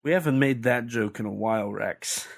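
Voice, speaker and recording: A man co-hosting a podcast in casual chat, rambling and jumping up in pitch when surprised. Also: moderate pace, gravelly. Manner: rambling, animated pitch jumps. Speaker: podcast co-host.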